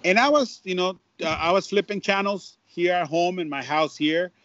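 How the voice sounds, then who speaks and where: Animated high-voiced man telling a story. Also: moderate pace, dry recording, lo-fi sound. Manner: animated, repeats words, mixes in Spanish phrases. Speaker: baseball broadcaster, guest. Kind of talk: storytelling in an interview. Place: at home.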